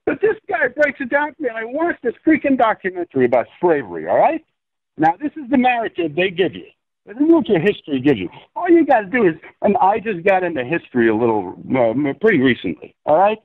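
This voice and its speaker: A man calls in to an interview and rants in a rambling, profane stream. His voice sits high and swings widely in pitch. The sound comes through a tinny phone line. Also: wildly swooping pitch, fast talker, no room sound. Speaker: guest.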